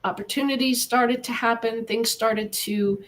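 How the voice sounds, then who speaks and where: With a fairly high pitch, fairly even intonation, and a measured pace, a middle-aged American woman shares her story. The Eastern Washington native is an animal communicator being interviewed on a podcast, and she sounds earnest and encouraging.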